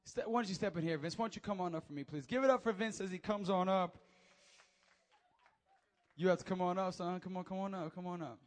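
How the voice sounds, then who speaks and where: A young man preaching a sermon from a church stage, animated and acting out the quotes as he tells the story. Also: high voice, fairly quick. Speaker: pastor. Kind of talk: lively sermon. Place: church stage before a congregation.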